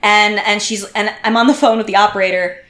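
A woman with a medium-pitched voice talks a little fast as she tells a story while a guest on a podcast. Animated throughout, she acts out what people said in casual conversation. There's a roomy echo on the audio.

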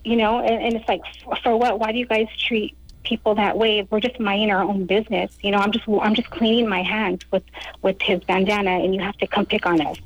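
Woman with a gravelly edge, telling it straight. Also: medium pitch, little pitch movement, brisk, no echo, low-quality recording. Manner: fillers, retells scenes in quoted dialogue. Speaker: family member of a prisoner, radio guest. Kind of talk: personal account on a live radio program.

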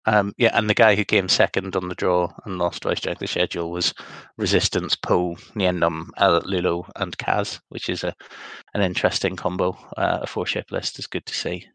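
Brief: male co-host, low gravelly voice, dry close sound, rambling casual delivery. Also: flat delivery, normal speed, few pauses, fairly bright tone, no echo. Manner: rambling, many ums, reads out results. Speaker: podcast co-host. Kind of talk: casual chat.

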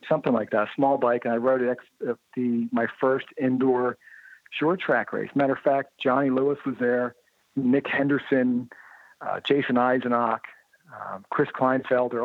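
A man recounting stories as an interview guest, voicing the people he quotes with lively shifts. His voice sits at an ordinary middle pitch. The sound is thin and narrow like a phone call, with no room echo at all. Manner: lively storyteller who acts out quoted dialogue. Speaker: interview guest, motorcycle writer. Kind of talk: anecdotal storytelling in an interview. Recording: narrow phone-like line, dry.

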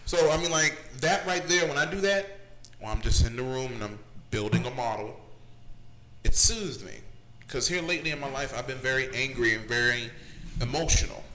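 A man's voice: mid-range voice, normal speed, pushed and bright, slight background noise. A man co-hosting a casual chat, laid-back and profane, talking openly about his feelings. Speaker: podcast co-host. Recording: roomy echoing room.

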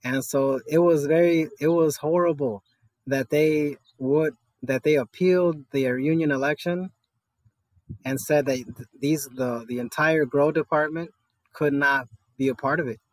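A man's voice: on the high side, fairly even intonation, unhurried, no room sound. A man, telling his story as an interview guest, earnest and often adding "right?". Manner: earnest, with many fillers and tag "right?". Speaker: guest, cannabis store worker organizing a union. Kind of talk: conversational interview.

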